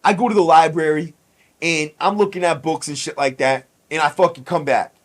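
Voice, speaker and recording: A podcast host telling a personal story in casual, blunt, profane street talk. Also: male voice, on the high side, fairly even intonation, brisk.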